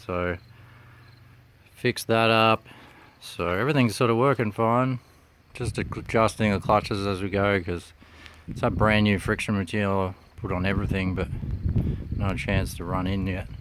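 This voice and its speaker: A man giving a laid-back, halting walkthrough of an old machine, with many pauses and "uh"s, speaking into a handheld camera inside a running dragline cab. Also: steady tone, fairly bright tone. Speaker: machinery restorer. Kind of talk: casual walkthrough narration. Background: faint engine rumble.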